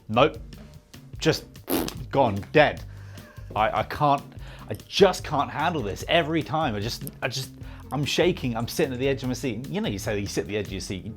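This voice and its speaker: Guy, lively up-and-down voice, dramatic retelling, faint music. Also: medium pitch, a little fast. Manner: animated, dramatic storytelling. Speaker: panelist. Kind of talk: casual chat.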